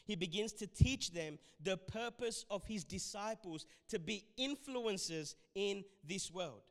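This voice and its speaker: Male preacher, high voice, emphatic sermon, church reverb. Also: lively intonation, measured pace. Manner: emphatic, urging the congregation. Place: church hall.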